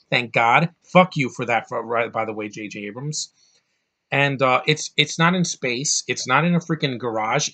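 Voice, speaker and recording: A man's voice: medium pitch, sharp tone. Profane, rambling man ranting about movies. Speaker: movie review vlogger. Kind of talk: casual ranting movie review.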